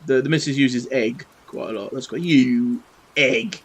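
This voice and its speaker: A man's voice: medium pitch, fairly even intonation, brisk, a little hiss or hum, rough recording. A British man in his thirties chatting cheekily and swearing playfully while painting on a live stream at his home desk. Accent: British English. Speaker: livestreamer painting models.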